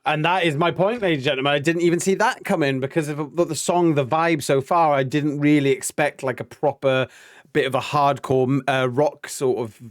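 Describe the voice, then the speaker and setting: Excitable British man, dry sound. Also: a little high, moderate pace, dry recording. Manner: excitable, chatty, laughs often. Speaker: reaction video co-host. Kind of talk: casual reaction chat.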